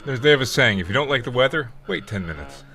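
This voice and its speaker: A man's voice: medium pitch, expressive, fast talker, sharp tone, soft background music. A man joining a card game stream, teasing and joking bluntly.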